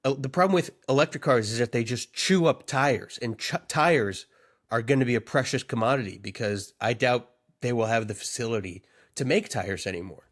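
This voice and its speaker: A man with a mid-range voice riffs on a comedy podcast he co-hosts, talking fairly quickly. His casual chat rambles along in a mock-earnest way.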